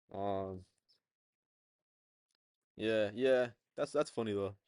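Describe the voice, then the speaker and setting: A young man co-hosting a podcast, chatting casually in relaxed slang with quick bursts and frequent chuckles. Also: lowish voice, smooth, no room sound, studio quality. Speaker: podcast co-host. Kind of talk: casual chat.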